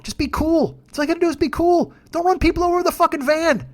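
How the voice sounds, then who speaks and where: A man's voice: extremely high pitch, a little fast, hardly any pauses. A man in his fifties hosting his own podcast, ranting in a profane, exasperated and emphatic solo monologue. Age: 50s. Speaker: podcast host and comedian.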